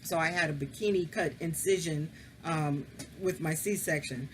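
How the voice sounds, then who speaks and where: A woman's voice: fairly low pitch, moderate pace, slight background noise. A woman casually telling a personal story, frank and candid, swearing freely and confiding straight to the listener.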